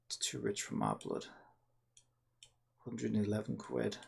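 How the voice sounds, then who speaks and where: A man's voice: fairly low pitch, big pitch swings, unhurried, gravelly, slight background noise. A man chatting sarcastically to himself while developing a game. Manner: rambling, sarcastic, talks to himself. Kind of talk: casual screen-recorded dev vlog.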